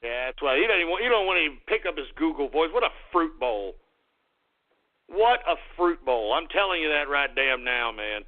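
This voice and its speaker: A man's voice: fairly high pitch, lively intonation, fast talker, few pauses. A man hosting a call-in radio show, combative and profane, ranting at callers. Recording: tinny phone-like radio audio.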